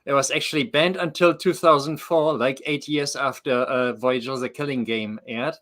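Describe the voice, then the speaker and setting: A man with a German accent chatting casually as a remote guest, halting with many fillers and dry humor. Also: medium pitch, steady tone, fairly bright tone. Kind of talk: casual chat.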